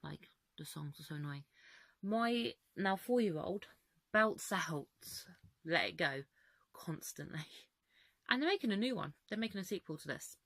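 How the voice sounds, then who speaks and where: A woman's voice: medium pitch, animated, moderate pace, fairly bright tone, no room sound. A young woman vlogging from home in a casual, rambling, candid way, laughing often, with her voice a little worn. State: voice going. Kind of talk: casual chat to camera.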